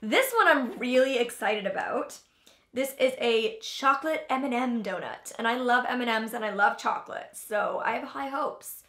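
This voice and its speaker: A young woman with a bright, ringing voice sits a little high in pitch as she chats through a food taste test. She talks loosely, full of "like" and restarts, sometimes with her mouth full. The room around her is echoey. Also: normal speed. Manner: chatty, filler-heavy, talks while chewing. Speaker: vlogger host. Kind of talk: casual taste-test chat.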